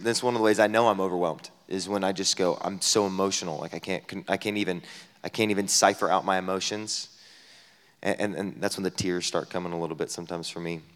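A man preaching a sermon as a pastor at a camp gathering, talking conversationally with many rhetorical questions, dropping to a hush and then rising loud. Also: low voice. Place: camp meeting hall. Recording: long hall reverb.

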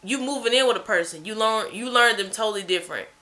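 A woman's voice: on the high side, quick pace, bright, forceful tone, low-quality recording. A woman co-hosting a podcast, giving her views bluntly in casual chat. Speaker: podcast co-host.

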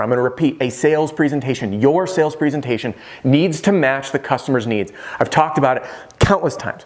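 A man teaching roofing sales straight to camera in an energetic way, firing off rhetorical questions. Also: mid-range voice, a little fast. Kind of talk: direct-to-camera sales training talk.

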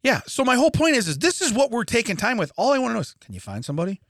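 A man co-hosting a podcast, telling a story in an animated rant, often laughing. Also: extremely high pitch, racing, dry recording, clean studio sound. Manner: animated ranting with frequent laughter. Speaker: podcast co-host. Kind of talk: casual comedic storytelling.

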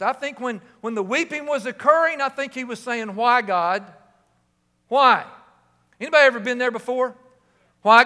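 Male pastor, 50s, passionate preaching in a big echoing sanctuary, tense bright tone. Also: very high-pitched. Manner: impassioned, rising to shouts on key lines. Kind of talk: sermon. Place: church sanctuary. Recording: reverberant church hall.

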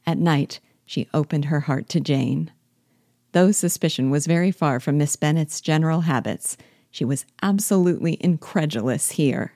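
A woman guiding listeners through a classic novel, reading the narration aloud in a measured, clear way. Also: low-pitched, warm tone, no echo, studio quality. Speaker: literature guide reading aloud.

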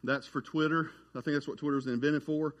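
A man's voice: on the high side, fairly even intonation, fairly quick, muffled recording. A man preaching a casual, folksy sermon as a pastor, often asking "right?" and addressing the crowd as y'all.

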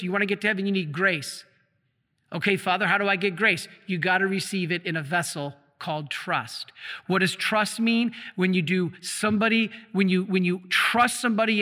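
A man preaching a sermon as a priest, asking the congregation questions and answering them himself, slowing and dropping low for emphasis. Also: sharp tone. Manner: slows down and drops low for emphasis. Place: church. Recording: long echo of a church hall.

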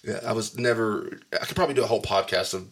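A man's voice: fairly low pitch, fast talker, a bit bright, a little hiss or hum. A middle-aged man hosting a podcast in casual, joking chat, teasing and laughing often. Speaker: podcast host.

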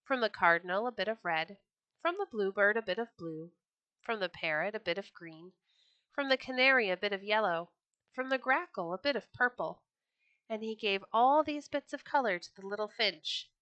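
A woman reads classic children's stories aloud in a bright, ringing voice. The sound is close and dry, with no room around it. She keeps it lively, lifting her voice for the characters. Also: mid-range voice, moderate pace, dry recording, lo-fi sound. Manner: expressive, raises her voice for quoted birds. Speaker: storyteller reading aloud. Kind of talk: storybook reading for children.

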